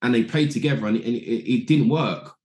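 A man from England telling animated stories as a former footballer guest, acting out quotes and restarting his sentences. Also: medium pitch, fairly quick. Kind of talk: anecdotal interview storytelling. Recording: roomy echo.

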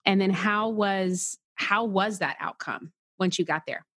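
A woman's voice: medium pitch, measured pace, fairly bright tone, no echo, clean studio sound. A woman hosting a podcast, asking encouraging follow-up questions. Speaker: podcast host. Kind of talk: casual interview talk.

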